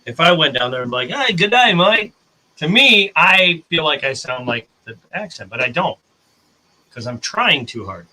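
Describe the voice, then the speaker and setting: Streamer type: American man, bright and forward tone, chatty and self-correcting. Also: mid-range voice, very animated, normal speed, poor audio. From United States. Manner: rambling, self-correcting, talks to chat. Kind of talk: casual chat on a live stream.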